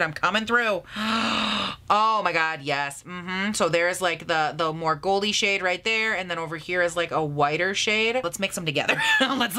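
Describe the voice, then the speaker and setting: Bright-voiced gushing woman beauty vlogger. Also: medium pitch. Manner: gushing and sassy, lots of laughs and gasps. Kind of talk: makeup review vlog.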